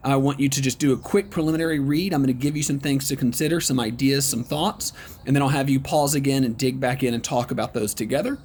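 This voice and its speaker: A man leading an online Bible study lesson in a conversational, encouraging way, with frequent ums and pauses. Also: medium pitch, darkish tone, slight background noise.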